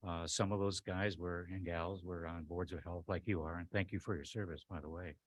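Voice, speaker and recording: Older guy, super deep voice, chatting his public comment, lots of ums. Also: brisk, a little hiss or hum. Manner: relaxed, with many fillers. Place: public meeting room.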